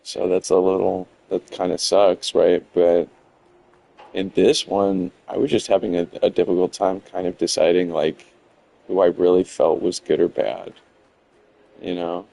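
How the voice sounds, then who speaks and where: Male streamer, low-ish gravelly voice, loose rambling commentary with fillers. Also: steady tone, a little slow, dark tone, low-quality recording. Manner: rambling, many fillers, chuckling. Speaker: game streamer. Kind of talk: casual gameplay commentary.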